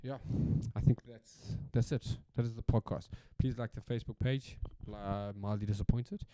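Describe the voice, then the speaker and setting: A man's voice: mid-range voice, fairly even intonation, normal speed, dark tone, no echo. Profane South African man ranting. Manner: profane, rambling, emphatic, repeats himself. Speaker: podcast host. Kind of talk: casual solo podcast rant.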